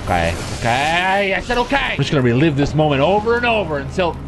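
A man giving let's play commentary while gaming, excitable and swearing, with sudden yelps and shouts. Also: fairly high pitch, fairly quick. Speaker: gamer.

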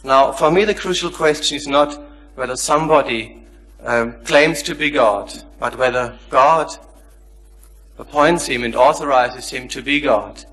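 A man's voice: mid-range voice, measured pace, a bit bright, poor audio. A man in the audience putting a long question, polite but persistent, reading scripture aloud. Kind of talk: formal question from the floor.

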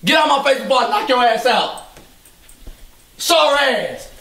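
A man impersonating a loud, cocky basketball star who trash-talks his teammates in a very high, bright voice with lively swings. He yells constantly, and the echo of a bare room rings around him. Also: normal speed, vocal fry, heavily acted. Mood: angry. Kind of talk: comedy sketch. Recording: echoey room.

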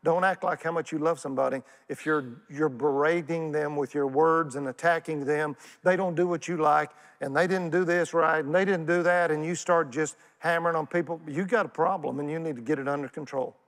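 A man with a Texan accent preaching a sermon as pastor, folksy and animated, calling on the congregation to answer back. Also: a little high, brisk, hardly any pauses. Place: church sanctuary. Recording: church hall reverb.

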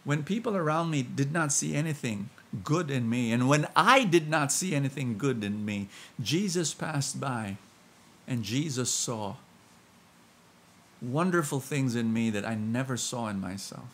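A Filipino man preaching a sermon, shifting from hushed and slow to loud and excited, with self-mocking humor. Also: medium pitch, a little hiss or hum. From Philippines.

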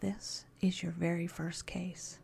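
A woman's voice: on the low side, little pitch movement, takes it slowly, vocal fry, darkish tone, a little hiss or hum, heavily acted. A woman voicing an eccentric, enthusiastic male agency boss in a whispered role-play. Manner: enthusiastic, briefly menacing.

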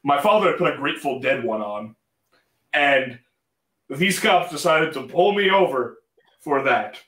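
A man's voice: medium pitch, expressive, a little slow, fairly bright tone. Blunt-talking man, distant in an echoey room. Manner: blunt, swears casually. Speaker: band member guest. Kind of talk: casual storytelling.

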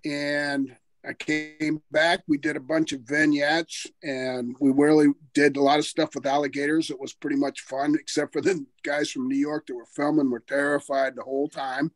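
A man's voice: fairly high pitch, flat delivery, moderate pace, few pauses, no echo. An older man, a former wrestler, telling career stories in a casual interview, chatty and laughing often as he talks.

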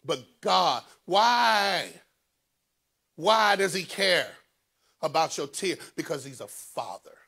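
Preacher, man, fairly high voice, surges loud then drops to a hush. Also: very animated, takes it slowly, gravelly, slightly rough. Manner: preaching with sudden loud rises and low hushed asides. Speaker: pastor. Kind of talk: sermon.

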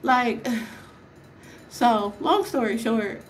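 Young woman vlogger, fairly high voice, exasperated storytime rant full of rhetorical questions. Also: expressive, drawn-out words, a little hiss or hum.

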